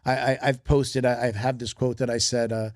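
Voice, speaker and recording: A man's voice: mid-range voice, little pitch movement, moderate pace, no echo, clean studio sound. A man who is a martial arts marketing expert, talking casually as a podcast guest and telling stories with emphasis and many restarts.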